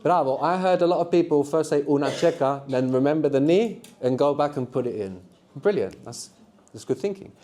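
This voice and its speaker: Male language teacher running a live classroom workshop, warm mellow tone, encouraging, keeps checking in with the group. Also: medium pitch. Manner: encouraging, quizzes the group with frequent tag questions. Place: classroom with students.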